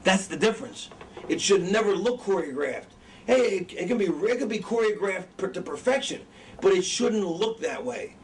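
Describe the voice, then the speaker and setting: A man's voice: sits high, animated, normal speed. A middle-aged man and wrestling trainer teaching in a casual, profane, rambling way, often losing his train of thought. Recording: distant mic, faint background noise.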